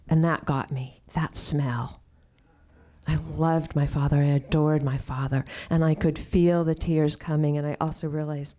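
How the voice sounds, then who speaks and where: Low-voiced woman telling a personal story. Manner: drops to hushed, near-whispered asides; slows right down on quoted questions. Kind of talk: personal storytelling before an audience. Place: live storytelling stage.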